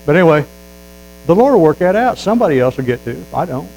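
A man preaching a sermon as a Baptist pastor, folksy and emphatic, building to loud fervor. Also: fairly high pitch, very animated, fast, gravelly, dull audio, a little hiss or hum.

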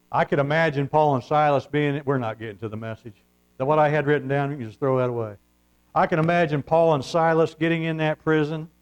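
A man's voice: medium pitch, smooth, low-quality recording. A man preaching a sermon, retelling a scripture story in his own words and asking his listeners "amen?". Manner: retells scripture with acted-out quotes, calls "amen?".

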